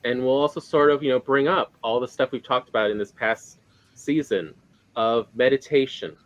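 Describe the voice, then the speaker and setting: Male podcast host, mid-pitched, chatty and meandering, leans on fillers. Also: moderate pace, no echo, poor audio. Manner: rambling, many fillers. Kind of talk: casual chat.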